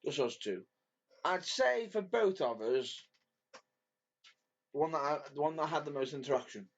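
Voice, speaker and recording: A man co-hosting a podcast, giggling a lot and swooping up into high squeals when he laughs or mimics. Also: animated, normal speed. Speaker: podcast co-host. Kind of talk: casual storytelling chat. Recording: dull lo-fi audio.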